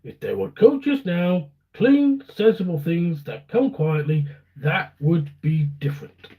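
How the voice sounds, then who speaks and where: A man's voice: on the high side, expressive, slow pace, narrow, tinny audio. Guy doing a big grumpy steam engine, proud, huffs and complains, bouncy up and down voice. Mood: grumbling. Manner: complaining, huffing. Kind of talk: storybook read-aloud.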